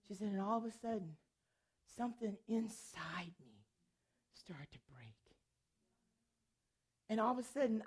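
An older woman who is a pastor and worship leader tells a personal story as part of a sermon, animated and frequently laughing. Her voice sits in the mid range.

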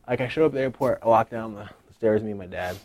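A man's voice: lowish voice, fast talker, darkish tone, no echo. A man giving a casual personal testimony at a conference. He tells his story in a chatty way, acting out what other people said and using many fillers like "like".

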